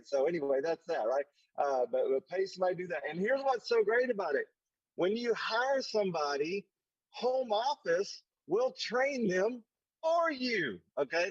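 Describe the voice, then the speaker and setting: A man's voice: fairly high pitch, expressive, quick pace, a little mellow, breathy edge, dry recording, dull audio. A man giving a motivational leadership talk in a folksy, emphatic way, often repeating his phrases for effect. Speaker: leadership summit speaker. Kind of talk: motivational speech.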